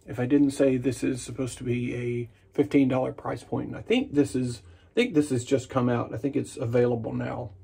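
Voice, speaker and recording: A man's voice: mid-range voice, brisk, vocal fry, breathy edge. A man chatting casually and jokingly as he narrates his own shave in a vlog. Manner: relaxed, chatty and jokey while shaving. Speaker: wet shaving vlogger.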